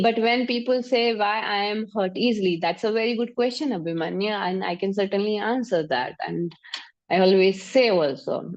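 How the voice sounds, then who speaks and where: A woman with an Indian accent leading a live online class, energetic and coaxing, laughing along with her students. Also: fairly high pitch, lo-fi sound. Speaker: yoga and breathwork instructor.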